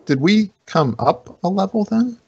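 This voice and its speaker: A man's voice: high voice, animated, a little slow, breathy edge, dull audio. A man playing a tabletop game, joking and asking curious questions. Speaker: player.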